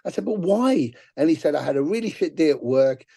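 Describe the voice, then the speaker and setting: A middle-aged man, a musician guest telling profane, animated stories on a podcast and acting out the people he quotes. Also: fairly high pitch, brisk, creaky, no echo. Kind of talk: casual podcast storytelling.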